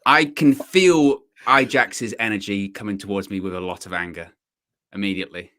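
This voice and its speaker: A man impersonating a male football manager answering a reporter in a flat, halting way. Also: fairly low pitch, voice pushed down. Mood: defiant.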